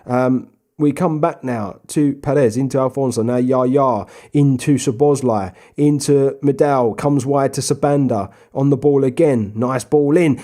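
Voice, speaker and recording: A man in his young adult years talks through a football management game, chatty and relaxed, his voice sitting at an ordinary middle pitch. He rambles along casually, then bursts into loud, excited play-by-play when something goes his way. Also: unhurried, few pauses. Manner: chatty, bursts into excited shouting over goals. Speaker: gaming YouTuber. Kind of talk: casual Let's Play commentary.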